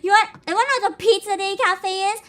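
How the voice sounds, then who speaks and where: A young adult woman streaming live, ranting loudly with swearing and laughter while greeting her chat. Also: very high voice, fast talker. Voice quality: avatar anime streamer voice. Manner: loud, laughing, swearing rants.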